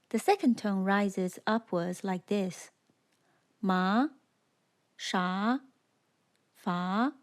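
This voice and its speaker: A woman narrating a scripted beginner language lesson, speaking slowly and clearly and demonstrating sounds for the listener to repeat. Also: mid-range voice, a little mellow. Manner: slow, clear, demonstrating tones. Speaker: language teacher.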